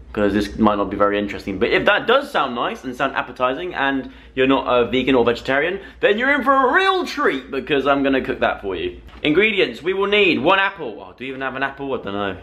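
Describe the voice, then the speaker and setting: A young man in his twenties vlogging as he cooks in his home kitchen, talking to the camera in a rambling, self-mocking, excitable way. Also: medium pitch. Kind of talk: casual chatty cooking vlog. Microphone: camera mic, talking to camera.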